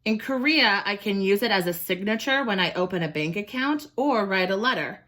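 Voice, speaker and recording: A woman voicing a gentle, thoughtful young girl while reading a picture book aloud. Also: medium pitch, lively intonation, normal speed, close to an everyday voice.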